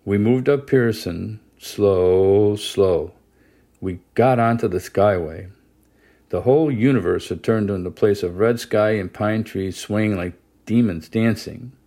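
A man reading a first-person novel aloud as an audiobook narrator, steady and measured. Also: fairly low pitch. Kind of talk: scripted narration.

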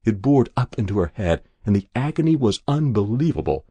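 A man narrating a literary short story in a measured, expressive way. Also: lowish voice, gravelly, slightly rough, dry recording. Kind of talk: scripted narration.

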